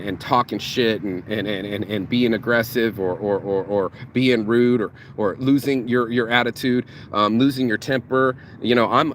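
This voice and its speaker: A man's voice: fairly low pitch, a bit bright, a little hiss or hum. A man giving a casual motivational monologue, slangy and profane, who stumbles over repeated words when he gets going. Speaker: motivational vlogger.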